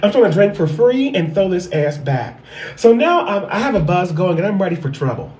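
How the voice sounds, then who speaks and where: Sassy high-voiced man in an echoey room. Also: big pitch swings, fairly quick, darkish tone. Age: 30s. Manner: sassy, profane, repeats punchlines. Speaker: stand-up comedian. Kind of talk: stand-up storytelling.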